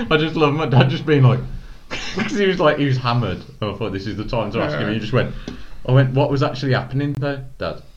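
A man's voice: medium pitch, expressive, moderate pace. Laughing sweary man. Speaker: podcast host. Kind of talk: casual pub chat, storytelling. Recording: dull, noisy recording.

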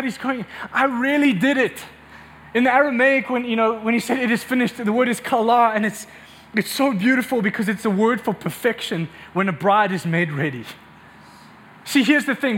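Impassioned high-voiced male preacher. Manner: passionate, repetitive, rising to near shouts. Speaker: pastor. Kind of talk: sermon.

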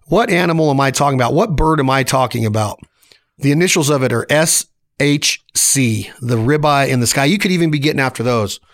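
A man in his forties hosting a podcast, giving a fired-up motivational solo rant in punchy, emphatic short sentences. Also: mid-range voice. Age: 40s. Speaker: podcast host.

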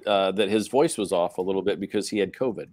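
Low-voiced man hosting an album chat. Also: quick pace, a little mellow, no room sound. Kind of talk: casual chat.

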